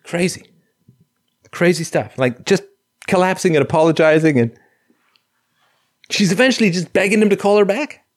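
Animated man telling a story. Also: high-pitched, normal speed, pauses often. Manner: animated, stammering restarts, acts out quotes. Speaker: host of a call-in show. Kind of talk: casual storytelling.

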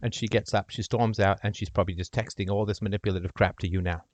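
Speaking quickly in a steady, lowish voice, this call-in show host offers passionate advice and addresses the caller's brother in role-play. He moves between shouting and near-whispers, and there's no echo on the recording.

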